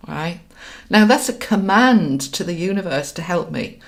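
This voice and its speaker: Low-voiced woman coaching viewers live. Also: animated, moderate pace, vocal fry, slight background noise. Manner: earnest and coaching, checks in with "all right?" and "okay?". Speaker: spiritual coach hosting a live chat. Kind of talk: live-stream chat answering viewers.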